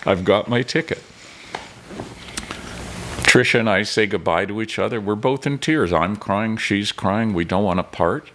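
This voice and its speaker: Older canadian guy, deep low voice, animated storyteller acting out the lines. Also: measured pace, long pauses, a little hiss or hum. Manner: animated storyteller, acts out dialogue. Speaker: podcast guest, filmmaker. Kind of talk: storytelling in casual interview.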